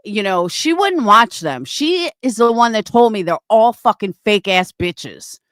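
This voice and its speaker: A woman's voice: medium pitch, expressive, measured pace, a bit bright, no room sound. A woman hosting a livestream, ranting angrily and swearing constantly as she answers her chat, often repeating herself. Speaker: livestream host reading chat. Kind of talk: angry livestream rant.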